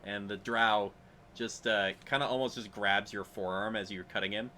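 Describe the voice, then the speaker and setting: A man running a tabletop role-playing game as game master, narrating in a relaxed, rambling way with fillers and chuckles. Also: fairly low pitch, moderate pace, slight background noise.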